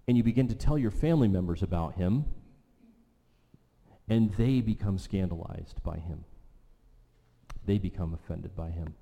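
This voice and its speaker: Guy preaching, low dark voice, repeats stuff for emphasis, big echoey hall. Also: normal speed, gravelly, long pauses. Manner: emphatic, repeats key lines for weight. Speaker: pastor. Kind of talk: sermon. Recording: long reverb of a large hall.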